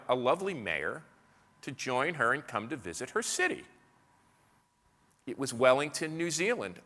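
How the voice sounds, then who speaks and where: A man's voice: medium pitch, bright, forceful tone. An American man giving a keynote talk to a live audience, telling a story with frequent restarts and repeated words. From United States. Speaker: keynote speaker. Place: large hall at an evening business event. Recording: live talk with long hall reverb.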